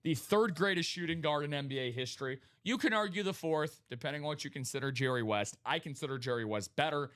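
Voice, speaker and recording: Man, live-stream host, energetic, hype-style, slightly high voice. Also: fast, few pauses. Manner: energetic, hype-style, greets viewers by name. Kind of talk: casual live-stream chat.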